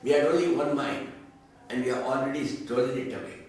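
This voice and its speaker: A man's voice: medium pitch, brisk, a little mellow. A man with an Indian English accent, a swami giving a scripture discourse, who chants Sanskrit verses and then explains them in conversational, teasing English. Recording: echoey hall audio from far off, faint noise.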